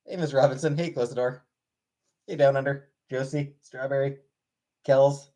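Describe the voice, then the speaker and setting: In a warm, mid-range voice with flat delivery and normal speed, a man chats casually on a livestream. He greets viewers by name one at a time and answers chat with dry, offhand, laid-back remarks.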